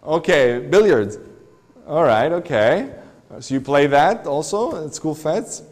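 Male english teacher in a classroom, slow and patient, lots of questions, pitch jumps around, echoey room. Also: expressive. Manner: patient, asks many questions. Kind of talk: classroom lesson. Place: school classroom.

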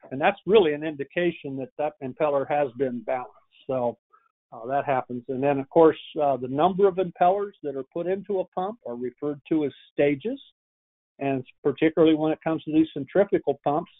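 Folksy male pump trainer, tinny sound. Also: fairly high pitch. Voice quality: folksy, plain-spoken, frequent restarts. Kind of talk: training lecture with anecdotes.

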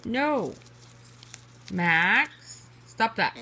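A woman's voice: mid-range voice, expressive, extremely slow, bright, forceful tone, slightly rough. A woman at home talking to her pets in playful, teasing baby talk. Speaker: pet owner.

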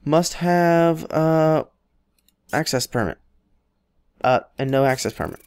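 A man's voice: a little high, unhurried, a little mellow, slight background noise. A man casually commenting on his own gameplay, rambling and joking as he talks to the characters on screen. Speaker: let's play host.

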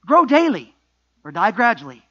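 A man's voice: high-pitched, sing-song, normal speed, fairly bright tone, muffled recording. A middle-aged man preaching a sermon as pastor, emphatic, with repeated refrains and rhetorical questions.

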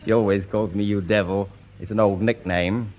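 A man's voice: lowish voice, steady tone, moderate pace, darkish tone, a little hiss or hum. A man doing a mock-solemn comic stand-up routine on an archival radio broadcast. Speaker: comedian.

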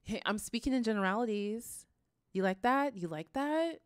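A woman hosting a reaction video, commenting in a casual, animated way with frequent sighs. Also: fairly high pitch, moderate pace, clear, resonant tone, no room sound, studio quality. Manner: animated, sighing, ranting.

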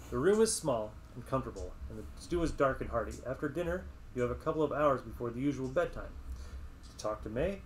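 A man narrates a tabletop game as game master, his voice sitting in an ordinary middle register. He hesitates often, filling gaps with ums and uhs. A faint hiss of background noise runs underneath. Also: medium pitch. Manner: casual, hesitant, many fillers.

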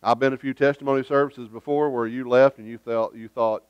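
A man's voice: mid-range voice, steady tone, brisk, clear, resonant tone, dry recording, highs cut off. A man preaching a sermon as pastor in a church, emphatic and conversational, with joking asides. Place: church sanctuary.

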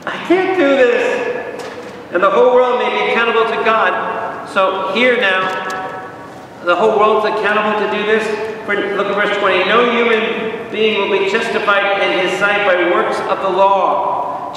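A man teaching a Bible study as a priest, lively and questioning the audience, acting out little dialogues. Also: high-pitched. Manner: animated, asks the audience questions and acts out dialogues. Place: large hall with an audience. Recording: echoey hall, far from the mic, faint room noise.

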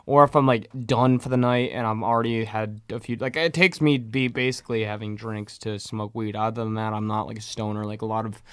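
A man's voice: on the low side, steady tone, a little fast, hardly any pauses, smooth, no room sound, studio quality. A young man and podcast co-host telling a story in casual chat, rambling with many fillers. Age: young adult. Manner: rambling, lots of "like" fillers, acts out quotes.

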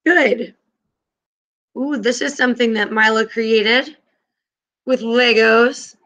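A woman's voice: a little high, fairly even intonation, slow, fairly bright tone, dull audio. A woman teacher leading an online class, upbeat and encouraging with her students.

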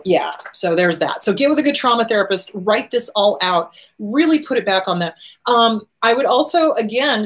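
A woman's voice: medium pitch, fairly bright tone. A middle-aged woman hosting a relationship advice talk, answering viewer questions and driving her points home by repeating them. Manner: emphatic, repeats key phrases. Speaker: host.

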